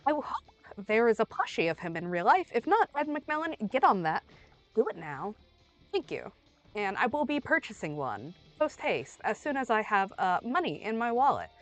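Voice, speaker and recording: A woman's voice: mid-range voice, big pitch swings, moderate pace. Rambling, playful young woman streamer. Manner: rambling, playful, jumps to sudden loud outbursts. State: under the weather. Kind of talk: casual game-stream chatter. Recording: faint music behind.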